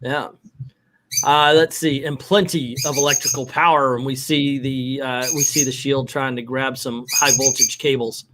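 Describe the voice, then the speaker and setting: A man's voice: medium pitch, steady tone, normal speed, background noise. A man hosting a casual comic book read-through, acting out the dialogue with playful voices. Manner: reads dialogue aloud with playful voices and laughs. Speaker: comics channel host.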